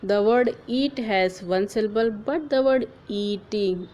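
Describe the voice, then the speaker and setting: In a low-quality recording, a woman teaching grammar spells out letters at a slow pace and keeps checking in with "okay" and "clear?". Her voice is mid-range and a little mellow.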